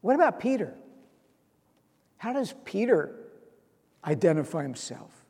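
A man's voice: sits high, very animated, a little slow, gravelly, darkish tone, slightly rough, long reverb tail. A man preaching a sermon, earnest, reading out scripture and stressing key lines. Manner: earnest, quoting scripture with rising emphasis.

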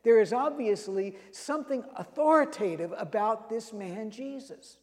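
Guy preaching, tells the bible stories with a high-ish voice, long church reverb. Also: animated, a little slow. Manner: storytelling, reads scripture aloud with emphasis. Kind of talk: sermon.

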